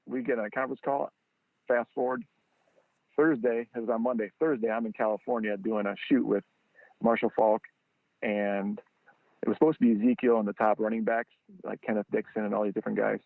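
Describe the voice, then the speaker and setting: A man telling a story as a guest on a podcast. He acts out the people he quotes with sudden high jumps in his voice. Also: fairly even intonation, a little fast, gravelly, no echo. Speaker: guest, training football founder. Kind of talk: animated storytelling. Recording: dry, tinny phone-line sound.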